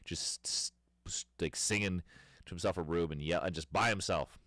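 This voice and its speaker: Low-voiced man rambling on a livestream. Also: moderate pace, a bit bright, dry recording, studio quality. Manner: rambling storytelling with laughs. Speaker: streamer. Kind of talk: casual livestream chat.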